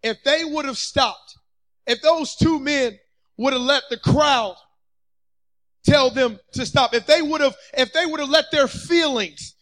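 A man preaching a sermon from a church stage, fervent and building up to shouts, acting out the people he quotes. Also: very high voice, measured pace, low-quality recording.

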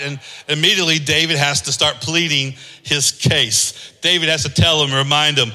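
A pastor preaching an emphatic, repetitive sermon in a church hall. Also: male voice, fairly high pitch, steady tone, brisk, hardly any pauses, sharp tone. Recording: echoey hall.

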